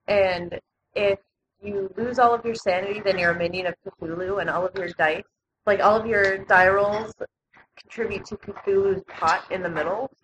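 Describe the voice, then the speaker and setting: A woman's voice: medium pitch, steady tone, moderate pace, background noise. A woman co-hosting a casual live show, chatty and explaining things with fillers. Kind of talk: casual chat.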